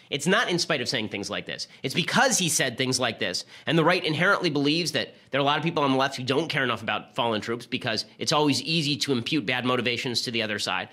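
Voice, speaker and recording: A man's voice: medium pitch, pushed and bright. A man hosting a political talk show, delivering a sarcastic, argumentative commentary monologue. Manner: rapid-fire, sarcastic, argumentative.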